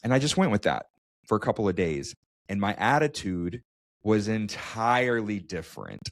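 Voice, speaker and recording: A man's voice: on the low side, big pitch swings, moderate pace, no echo, studio quality. A man co-hosting a podcast, telling a personal story in casual chat with many restarts and stammers. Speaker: podcast co-host.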